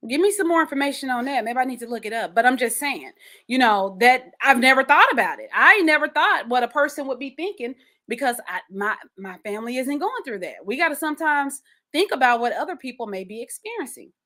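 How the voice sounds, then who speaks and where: Casting: woman podcast host, bright and slightly high voice, chatty and animated, talks right to the audience. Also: brisk. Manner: animated and chatty, addresses listeners directly, repeats words when stressing a point. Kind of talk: casual solo chat.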